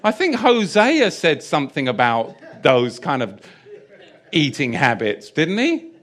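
A man's voice: on the high side, huge pitch swings, unhurried, fairly bright tone. A man preaching a sermon in a chatty, self-deprecating way with jokey asides. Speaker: pastor.

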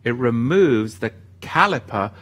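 Upbeat, bright-voiced livestream ministry host. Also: male voice, medium pitch, animated, unhurried. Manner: chatty and upbeat, calling out viewers by name. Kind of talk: live-stream chat, reading viewer comments aloud.

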